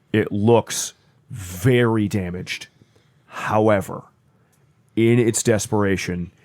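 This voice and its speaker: Man, game master, low voice, dry close sound, deliberate horror narration. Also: no echo. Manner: slow, deliberate scene-setting. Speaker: storyteller.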